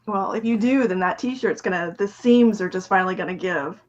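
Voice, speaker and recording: A woman co-hosting a casual chat, quick and teasing. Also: medium pitch, highs cut off. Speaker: co-host.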